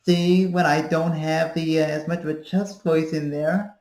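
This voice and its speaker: Recorded in a room with noticeable echo, this woman in her thirties is a voice coach leading a relaxed tutorial, demonstrating sounds as she rambles with fillers. Her voice sits low, with little pitch movement, an unhurried pace, and a slightly mellow quality.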